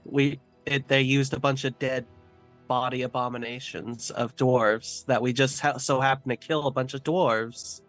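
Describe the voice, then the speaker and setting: A man's voice: medium pitch, steady tone, normal speed, fairly bright tone, soft background music. A man playing in a tabletop game, laying out his reasoning to the group. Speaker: player. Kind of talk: casual tabletop game play.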